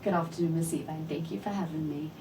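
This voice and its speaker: A polite, articulate woman guest who explains things fully and warmly formal. Her voice is somewhat low. The sound is distant, with a clear rumbling noise behind her. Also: fairly even intonation, fast talker. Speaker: cruise manager, interview guest. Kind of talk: interview.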